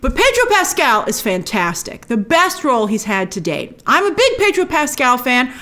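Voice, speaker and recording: A high-pitched woman talks through a TV series review in a casual, chatty way. Her pitch swoops up and down constantly, and she keeps slipping into playful little asides as she goes. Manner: animated, chatty, acts out quick asides in her own voice.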